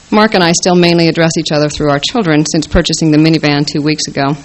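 A woman's voice: low-pitched, fairly even intonation, quick pace, hardly any pauses, a little hiss or hum, poor audio. Wry woman reading her own story. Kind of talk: first-person literary reading.

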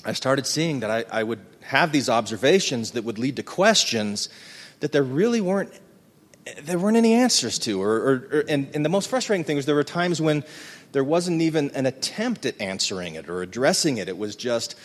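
A man's voice: mid-range voice, lively intonation. Earnest middle-aged man in a reverberant hall. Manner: earnest, halting, thinks aloud. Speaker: speaker recounting his folklore research. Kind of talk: reflective personal storytelling to a live audience.

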